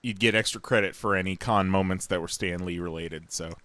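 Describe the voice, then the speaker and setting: A man's voice: low voice, brisk, pushed and bright, no echo. A man co-hosting a podcast in casual chat, bantering and teasing with easy laughs. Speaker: podcast co-host.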